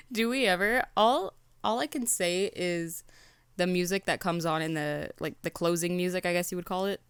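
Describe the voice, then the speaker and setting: A woman's voice: on the low side, expressive, moderate pace, clean tone, no echo. A woman co-hosting a casual podcast, laughing and chiming in enthusiastically during a recap. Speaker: podcast co-host.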